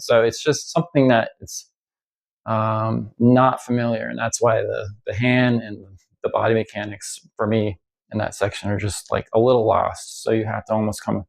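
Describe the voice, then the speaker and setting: Gravelly man teaching violin. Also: fairly low pitch. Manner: halting, many fillers and restarts. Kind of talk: casual instructional talk.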